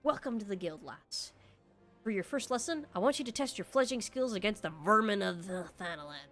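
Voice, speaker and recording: A woman putting on a gruff, brusque male guildmaster who lectures a new recruit with a roughened, lowered voice. He comes off as a fighter's teacher in a video game, all blunt instruction and bluster. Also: lively intonation, a little fast, a bit bright, faint music behind, lightly acted. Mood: instructive. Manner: reads game dialogue aloud with a deepened gruff voice. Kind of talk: voicing game dialogue on a stream.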